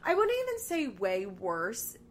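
A young woman hosting a podcast chats casually and animatedly about a reality show, saying "like" a lot. Her mid-range voice swings hugely in pitch, and she speaks a little slowly.

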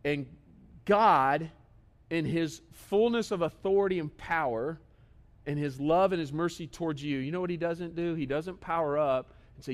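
A male pastor in his thirties preaching in a relaxed, conversational way. His voice sits a little high for a man, and he keeps pressing the congregation with rhetorical questions. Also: moderate pace. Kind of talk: sermon.

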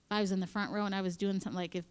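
A woman giving an animated devotional talk at church, acting out quotes and dropping into whispers. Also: mid-range voice, very fast, smooth. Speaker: church speaker.

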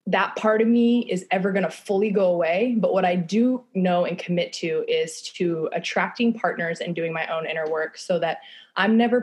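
Woman, young adult, candid podcast guest, lowish voice, casual, swears often. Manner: casual, frequent fillers and swearing.

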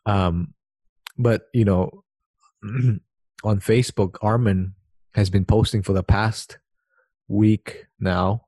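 A man's voice: on the low side, fairly even intonation, slow pace, long pauses, darkish tone, husky, no echo. A man with a slight lisp from a knocked tooth, chatting casually and rambling, often restarting his sentences. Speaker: conversation partner. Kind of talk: casual chat.

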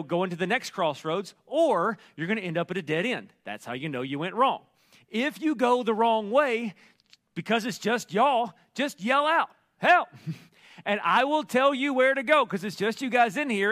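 A middle-aged man preaching a sermon as pastor, telling a story in an animated, joking way. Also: high voice. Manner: storytelling, animated, jokey asides.

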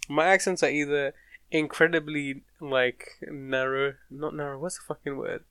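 A man's voice: a little high, little pitch movement, moderate pace, bright, forceful tone, clean tone, no echo. A young man in casual podcast chat, joking, swearing and laughing often. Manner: laid-back banter with frequent laughter and swearing.

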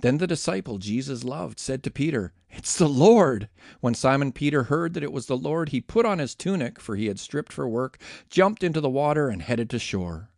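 A man giving an expressive, dramatic reading of scripture aloud. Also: medium pitch, a little fast, vocal fry, few pauses, no echo, clean studio sound. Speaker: scripture reader.

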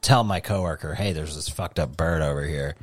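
A man's voice: very deep voice, a little fast, a little hiss or hum. A man co-hosting a podcast, telling a rambling, swear-heavy story in casual chat. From New England. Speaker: podcast co-host.

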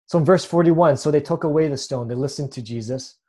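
A man's voice: a little high, fast talker, dark tone. A man preaching a sermon in an earnest way, often restarting with repeated words. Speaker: pastor.

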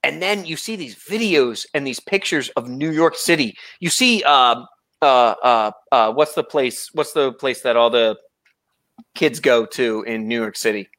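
A man in casual chat who jokes loudly and swears freely. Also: mid-range voice, a little slow. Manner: loud, joking, swears freely. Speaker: podcast co-host. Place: Germany.

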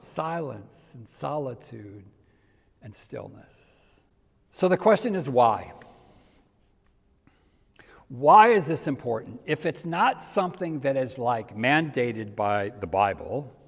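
An older man preaching a sermon in a conversational way, dropping to soft near-whispers for emphasis. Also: medium pitch, vocal fry. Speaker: pastor. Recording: reverberant hall.

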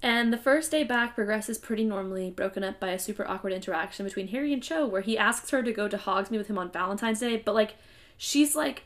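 A woman's voice: mid-range voice, quick pace. A woman co-hosting a podcast, recapping chapters in a casual, conversational way with dry, playful sarcasm. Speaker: podcast co-host. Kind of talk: casual book discussion podcast.

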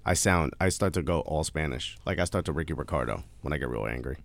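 A man's voice: very deep voice, quick pace, creaky, no room sound. Male podcast host, easygoing and argumentative, laughs a lot, dry close sound. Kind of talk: casual debate.

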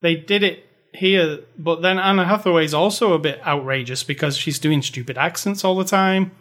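A man's voice: fairly high pitch, moderate pace, fairly bright tone. A man co-hosting a casual movie review, rambling and filling his talk with "like" and "you know". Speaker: podcast co-host.

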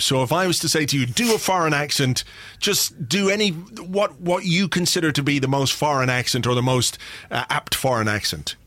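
A man's voice: fairly high pitch, fairly bright tone. A man co-hosting a podcast, chatting casually in a playful, rambling, jokey way. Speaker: podcast co-host. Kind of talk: casual chat.

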